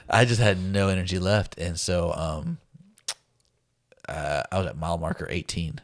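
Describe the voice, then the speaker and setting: A man's voice: sits low, steady tone, moderate pace, no room sound, studio quality. A man casually telling a survival story as a podcast guest, laid-back, laughing often and acting out what people said.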